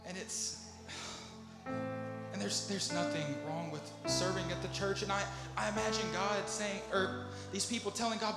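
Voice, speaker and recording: A man preaching a sermon, moving from soft, low musing to loud, pleading questions. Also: level tone, measured pace. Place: church sanctuary. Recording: echoey church hall with music behind. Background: instrumental music.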